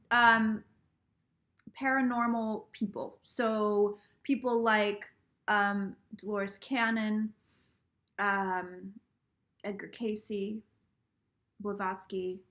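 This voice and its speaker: Bright, high-voiced, swearing psychic host. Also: female voice. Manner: animated, profane storyteller who laughs often; acts out other people's lines in the stories she tells. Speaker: psychic tarot reader hosting a live stream. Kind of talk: casual live-stream chat.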